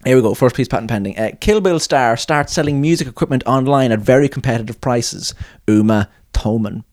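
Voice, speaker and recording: A man's voice: medium pitch, a little fast, a little mellow. A man hosting a loose podcast chat, rambling and laughing at his own jokes. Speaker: podcast host. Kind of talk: casual chat.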